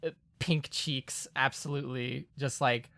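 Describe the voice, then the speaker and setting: Tabletop player, male, middle pitch, crisp and bright, talks in loose rambling bursts. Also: fairly even intonation, a little slow, no room sound, clean studio sound. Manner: rambling, lots of fillers and laughter. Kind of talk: casual role-play chat.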